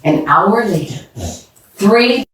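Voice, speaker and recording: A woman telling a children's bedtime story aloud, expressively, pausing to ask the listening children questions. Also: mid-range voice, expressive. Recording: echoey room, distant mic.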